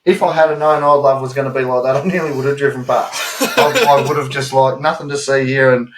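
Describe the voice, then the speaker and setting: An Australian man in casual podcast chat tells a long yarn, wandering into asides and dropping swear words without a second thought. His voice sits at an everyday middle pitch. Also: brisk, noisy background. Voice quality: swears freely and talks in loose rambling asides. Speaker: podcast co-host.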